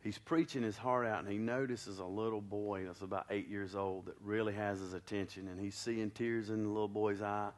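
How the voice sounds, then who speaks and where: A man's voice: fairly low pitch, fairly even intonation, brisk, hardly any pauses. A man preaching to a congregation in a conversational, storytelling way, with folksy joking asides to the people in the pews.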